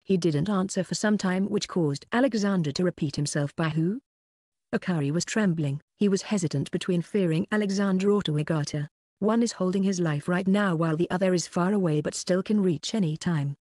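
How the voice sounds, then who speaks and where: An audiobook narrator reading a novel in a steady, even way. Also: mid-range voice, a little fast, no echo. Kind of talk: scripted narration.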